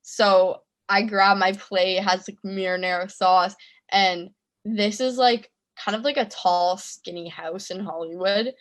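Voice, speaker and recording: Young woman, musician guest, casual chatty storytelling, fillers, middle pitch. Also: fairly even intonation, measured pace, a bit bright. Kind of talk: casual interview chat.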